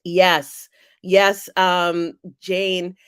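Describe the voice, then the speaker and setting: A woman hosting a live stream, reading viewer comments aloud and answering them in a chatty way with many pauses and fillers. She sounds teary and emotional. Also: on the low side, level tone, clear, resonant tone, no room sound, clean studio sound. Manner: warm, chatty, often pausing with fillers. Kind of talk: casual live-chat commentary.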